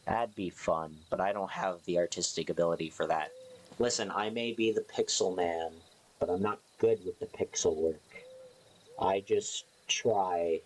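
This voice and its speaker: A man chatting casually on a live stream, sleepy and yawning, rambling slowly in a playful, offhand way. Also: deep voice, slight background noise.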